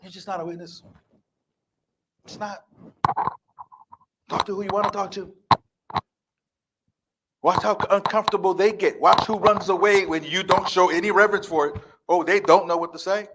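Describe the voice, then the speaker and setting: Fifties guy, life coach giving a motivational talk on stage, a bit high-voiced, hammers his points over and over. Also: steady tone, normal speed, pauses often, heavy background noise. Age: 50s. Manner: emphatic, repetitive, defiant. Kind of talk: motivational speech. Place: stage before a live audience.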